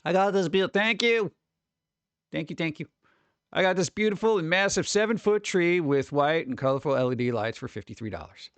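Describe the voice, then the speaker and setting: A man chatting casually on a live stream, reading chat and reacting with quick exclamations. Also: on the high side, lively intonation, a bit bright, clear, resonant tone, no echo, dull audio.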